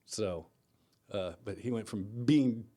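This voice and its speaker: Male podcast co-host, relaxed storyteller, lowers voice for serious moments. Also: takes it slowly. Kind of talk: casual chat, storytelling.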